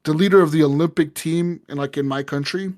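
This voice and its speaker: A man's voice: on the high side, fairly quick, darkish tone, no echo, studio quality, lightly acted. A man voicing a male sports team official who casually asks a favor. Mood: coaxing.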